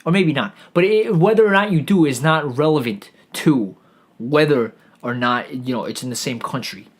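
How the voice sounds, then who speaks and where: A man's voice: mid-range voice, animated, normal speed, husky. A man holds forth alone on his podcast, talking in loose, profane tangents. He stumbles over his words and restarts his sentences again and again as he goes. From New York. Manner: rambling, profane, lots of restarts and stammering. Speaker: podcast host. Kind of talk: rambling profane monologue.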